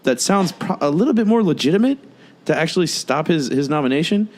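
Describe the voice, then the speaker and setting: A fairly high-voiced man talking loosely on a podcast. He is blunt and exasperated and drops curses into almost every sentence. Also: expressive, a little fast, a little mellow. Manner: blunt, exasperated, swears a lot. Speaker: podcast co-host. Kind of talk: casual profane chat.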